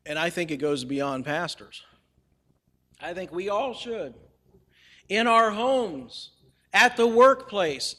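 Bright-voiced, high-pitched male pastor preaching. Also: in a large hall. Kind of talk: sermon.

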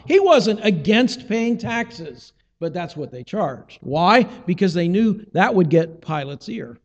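A man's voice: high voice, in a large hall, lo-fi sound. A man preaching a sermon, teaching and asking rhetorical questions, acting out the voices he quotes.

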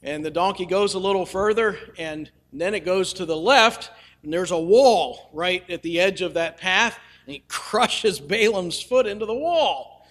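A male preacher retells a scripture story in a folksy, humorous style. His voice is high and bright, and he tosses in casual asides as he talks. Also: expressive, a little slow. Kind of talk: storytelling sermon.

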